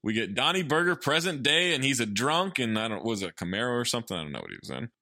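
A man's voice: medium pitch, sing-song, quick pace, sharp tone, dry recording, clean studio sound. A man hosting a casual podcast, recapping a movie's plot and swearing freely, with laughs between jokes. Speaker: podcast host recapping a film. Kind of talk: casual chat.

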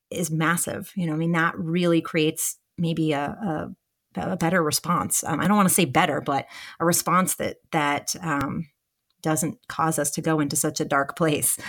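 Woman, 30s, podcast co-host; slightly low voice, calm reflective delivery, frequent fillers. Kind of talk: casual podcast chat.

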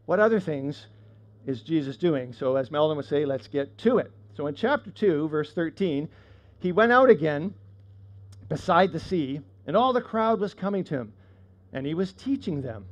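A man's voice: fairly high pitch, a little mellow. A man preaching a sermon in a conversational way, with frequent fillers and restarts. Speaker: pastor.

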